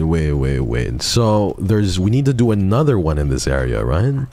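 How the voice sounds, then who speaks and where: Very deep, gravelly streamer man. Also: big pitch swings, measured pace, hardly any pauses, mellow, slight background noise. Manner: casual, swearing, joking with chat. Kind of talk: live gaming stream.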